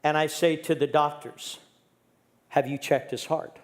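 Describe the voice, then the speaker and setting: A man's voice: on the high side, fairly even intonation, unhurried. A middle-aged man preaching in a church, telling a personal story with humor and candor. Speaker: guest pastor. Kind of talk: storytelling sermon.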